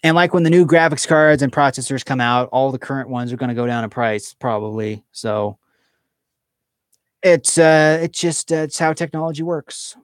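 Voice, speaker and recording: A man's voice: mid-range voice, moderate pace, dry recording, clean studio sound. A man hosting a casual live stream, reading out viewer comments and chatting in a rambling way, full of fillers and restarts.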